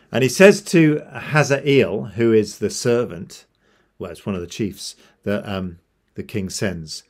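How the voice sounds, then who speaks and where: A man's voice: fairly low pitch, animated, measured pace. A man retelling a Bible story to a church in a casual, chatty way, with jokey asides and self-corrections.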